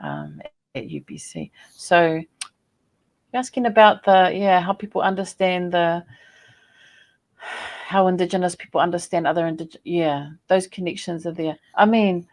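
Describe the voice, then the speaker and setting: A woman from New Zealand with a New Zealand accent, a scholar telling stories in a chatty, animated way on a podcast call. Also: on the low side, a little slow. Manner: chatty, animated storytelling with laughs. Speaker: guest, Māori scholar and poet. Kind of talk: casual podcast conversation.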